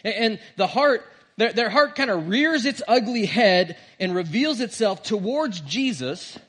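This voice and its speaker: A man's voice: high voice, unhurried. A man, a pastor giving a sermon in a church and telling stories in a conversational way. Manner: conversational, animated storytelling. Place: church sanctuary.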